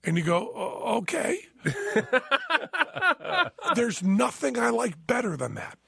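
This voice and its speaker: A man co-hosting a podcast in casual chat, a lively storyteller who acts out voices, with a gravelly, husky voice. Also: very high voice, takes it slowly, no echo. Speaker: podcast co-host. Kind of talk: casual chat, telling an anecdote.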